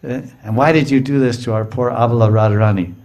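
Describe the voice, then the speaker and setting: A man's voice: medium pitch, steady tone, quick pace, darkish tone, close to an everyday voice. A man voicing a group of indignant young cowherd women who tease and scold their beloved for pretending. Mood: mocking scold. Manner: mocking, scolding.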